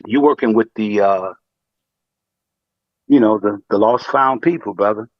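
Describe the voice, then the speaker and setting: Male caller, low voice, earnest and halting, dry muffled line. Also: dry recording. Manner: halting, earnest, many fillers. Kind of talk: testimony on a call-in.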